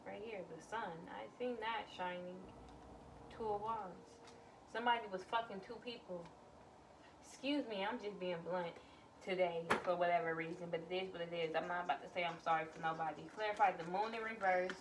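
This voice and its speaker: A woman's voice: on the low side, a little fast, distant mic, background noise. A woman doing a casual tarot reading, blunt and exclamatory, swearing freely as she lays out cards. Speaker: tarot reader.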